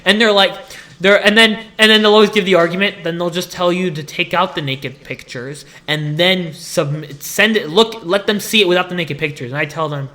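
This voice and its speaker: Young male student vlogger, bright and high, animated comic ranter who acts out his stories. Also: moderate pace. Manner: animated complaining, acts out dialogue. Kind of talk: comedic rant to camera.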